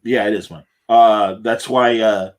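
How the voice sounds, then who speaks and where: A man's voice: fairly low pitch, fairly even intonation, a little slow. Rambling trivia-loving man on a podcast. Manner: rambling, self-correcting, trivia-heavy. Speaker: podcast co-host. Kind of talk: casual podcast chat.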